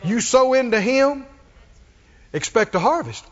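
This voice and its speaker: A man's voice: very high-pitched, big pitch swings, measured pace. A man preaching a sermon, repeating phrases and calling for responses from the congregation. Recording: dull audio in a reverberant hall.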